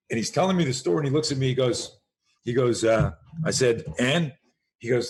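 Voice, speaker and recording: A man's voice: medium pitch, a little fast. A man in his sixties, a self-defense coach guesting on a podcast, telling stories with energy, acting out the voices he quotes and repeating words as he restarts a thought. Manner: animated storyteller who acts out quoted voices. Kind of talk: storytelling interview.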